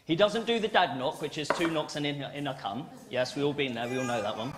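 A man's voice: on the high side, a little fast, very noisy. A man preaching a family-service sermon in a church, playful and given to acting out little dialogues.

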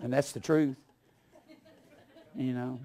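An older man preaching a fiery sermon, scornful and ranting, swinging from low mutters to loud outbursts. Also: fairly even intonation, slow pace, a faint crowd.

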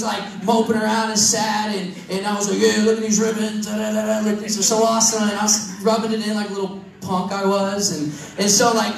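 A young man from Missouri, preaching a sermon as a casual, joking, self-deprecating personal story. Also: high-pitched. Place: church hall. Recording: echoey hall from far off.

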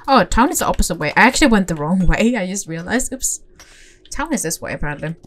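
Fast-talking and medium-pitched, a young gaming channel host narrates her horse game with excitable, casual commentary. She talks to herself and to the horses, letting out gasps and squeals.

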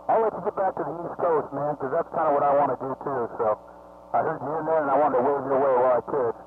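A man's voice: mid-range voice, fast, background noise. A man calling in on CB radio, friendly and using radio codes. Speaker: CB radio caller. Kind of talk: casual radio chat. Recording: tinny radio transmission with music.

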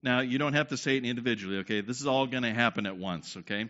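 A pastor races through his sermon in a medium-pitched, fairly bright voice, leading the congregation in a group exercise. He checks in often with repeated "okay?" prompts, all on a dull lo-fi recording.

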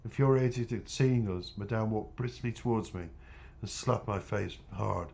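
Low-voiced man reading his story. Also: vocal fry, darkish tone. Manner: unhurried, plain reading with small stumbles. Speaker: author reading his book. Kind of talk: first-person audiobook narration.

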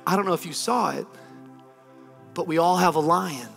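A man's voice: a little high, moderate pace, gravelly, fairly bright tone, soft background music. A man in his thirties, a pastor delivering a sermon, telling a story with animation and building to emphatic preaching.

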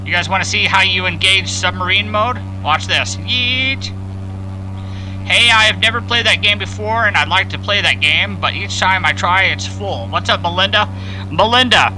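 A man's voice: high-pitched, moderate pace, over music, low-quality recording. A man hosting a live game stream, chatting playfully and greeting viewers by name as he plays.

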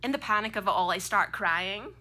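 A woman's voice: mid-range voice, expressive, brisk, sharp tone, a little hiss or hum. A Scottish woman around thirty performing a personal story live on a club stage, with a vivid, comic, dramatic delivery. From Scotland.

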